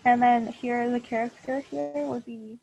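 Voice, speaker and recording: A woman's voice: fairly high pitch, fairly even intonation, measured pace, creaky, dark tone, muffled recording, soft background music. A woman teaching a language class online over a video call, patient and encouraging, with many fillers. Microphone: computer mic on a video call.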